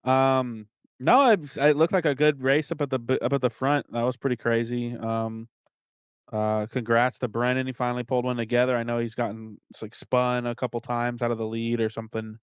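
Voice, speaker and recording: Male league organizer, smooth voice on a dull lo-fi mic, dry sound, casual and profane. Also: mid-range voice, a little fast, dry recording. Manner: relaxed, swears, laughs often. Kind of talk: casual chat.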